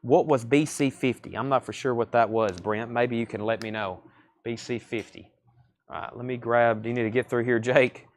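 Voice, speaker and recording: A man with a Southern accent hosting a live record sale, listing titles and repeating prices in quick sales patter. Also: mid-range voice, fairly even intonation. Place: record shop surrounded by crates.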